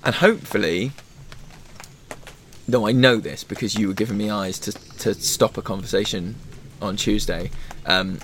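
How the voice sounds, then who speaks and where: A man's voice: fairly low pitch, normal speed, fairly bright tone, a little hiss or hum. A man, a forest school leader and former teacher, chatting casually in a rambling way and acting out quotes. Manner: rambling, self-interrupting, acts out quotes. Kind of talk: casual chat.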